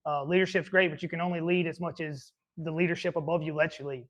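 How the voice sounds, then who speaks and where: A man's voice: on the high side, fairly even intonation, fast, a bit bright, muffled recording. A man who is a fire captain, answering interview questions earnestly and reflectively, with many restarts. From American South.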